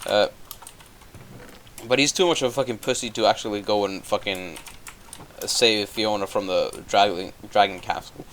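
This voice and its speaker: A man's voice: fairly low pitch, normal speed, long pauses, a bit bright, slight background noise. A young man casually retelling a film plot while gaming, swearing constantly and stumbling over fillers. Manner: profane, offhand, hesitant with many fillers. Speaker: gameplay commentator.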